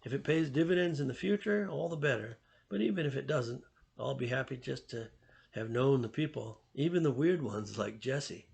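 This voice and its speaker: A man's voice: mid-range voice, animated, normal speed, gravelly, a little mellow. A man doing an earnest teenage boy.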